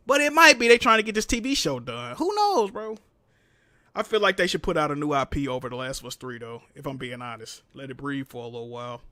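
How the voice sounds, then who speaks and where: A man's voice: high voice, sharp tone, no room sound, studio quality. A young man hosting a casual livestream, reading donations and talking with slang, swearing and laughter. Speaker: livestream host.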